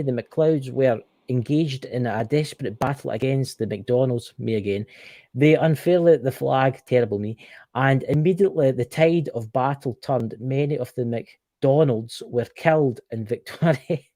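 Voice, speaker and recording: A man's voice: medium pitch, normal speed, dark tone, dry recording. A Scottish man co-hosting a casual live stream, reading history aloud with stumbles and jokey mock outrage. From Scotland.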